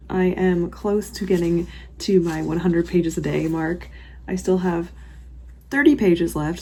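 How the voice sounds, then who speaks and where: A woman vlogging her reactions while reading, gushing and excitable. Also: on the low side, vocal fry, breathy edge. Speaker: book vlogger. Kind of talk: casual reading vlog reactions. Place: at home in a warm room.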